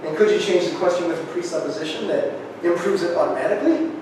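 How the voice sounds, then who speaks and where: A man giving a lively workshop talk to a live group, often checking in with "right?", recorded on a distant camera. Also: a little high, fast, a little hiss or hum. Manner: energetic, keeps asking "right?". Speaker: presenter. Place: large echoey room. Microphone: camera far from speaker. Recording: echoey hall, distant camera.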